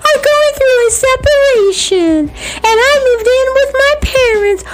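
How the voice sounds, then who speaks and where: A woman putting on the voice of a fragile, earnest young woman, speaking high and breathy in a sing-song way. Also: animated, unhurried. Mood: wistful, tearful.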